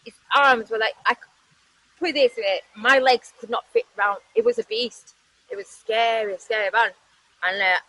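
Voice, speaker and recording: A woman with a Yorkshire accent from West Yorkshire, telling her own life story candidly, halting with fillers and restarts, and swearing bluntly. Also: medium pitch, bright, forceful tone, slight background noise, poor audio. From West Yorkshire, England. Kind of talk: candid personal testimony.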